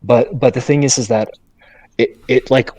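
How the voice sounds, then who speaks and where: A man's voice: mid-range voice, normal speed, no room sound. Guy chatting about crypto, gets fired up, stumbles over words, dry close sound. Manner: animated, emphatic, stammering restarts. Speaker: podcast co-host. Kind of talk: casual crypto discussion.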